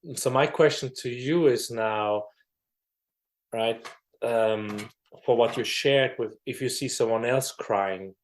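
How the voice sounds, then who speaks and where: A man's voice: mid-range voice, slow. Male host, thoughtful, hunts for words. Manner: thoughtful, searches for words, laughs softly. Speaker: podcast host. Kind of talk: casual conversation.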